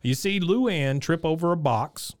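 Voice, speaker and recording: A man co-hosting a podcast, recapping an episode in casual chat and acting out lines in a higher voice. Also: expressive, measured pace, no echo, studio quality. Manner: retells scenes, jumping up in pitch to voice characters. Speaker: podcast co-host. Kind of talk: casual episode recap, reading quotes aloud.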